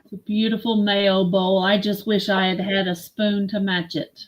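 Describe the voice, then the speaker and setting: A woman hosting a live-stream vintage sale, slowly admiring and describing glassware. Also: mid-range voice, flat delivery. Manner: slow, admiring product descriptions.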